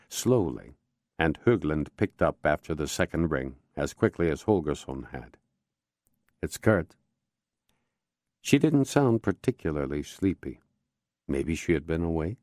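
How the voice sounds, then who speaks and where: A man giving measured, expressive scripted narration of a crime novel audiobook. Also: rumbling low, dry recording, clean studio sound.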